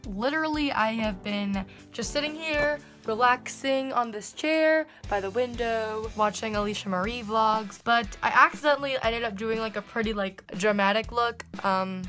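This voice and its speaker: A young woman chatting casually to camera in a home vlog, upbeat and talkative. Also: fairly high pitch. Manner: chatty, upbeat, quick asides. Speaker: vlogger. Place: indoors at home.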